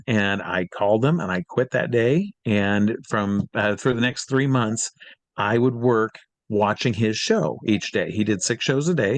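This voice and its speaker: A man from Iowa telling a long personal anecdote as an interview guest, lively, his voice jumping high when he reenacts scenes. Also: no room sound. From Iowa, USA. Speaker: interview guest, hypnotist and magician.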